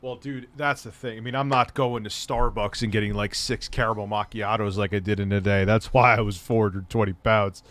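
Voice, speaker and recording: A man's voice: lowish voice, fairly even intonation, a little fast, hardly any pauses, fairly bright tone, a little hiss or hum. A man hosting a casual live stream, rambling and swearing as he talks to his chat. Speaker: streamer reacting to videos.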